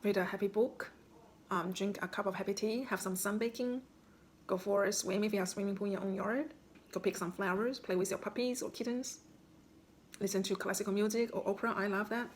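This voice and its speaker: A woman of middling pitch speaks as a spiritual coach, calm and instructive as she walks listeners through reflective questions. A faint hiss of noise sits under her voice. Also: fairly quick. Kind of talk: guided self-reflection talk.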